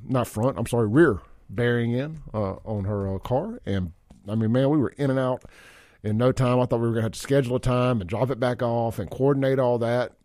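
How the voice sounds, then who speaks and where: A man hosting a radio talk show, telling stories in a blunt, animated way. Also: medium pitch, no echo, studio quality. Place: radio studio.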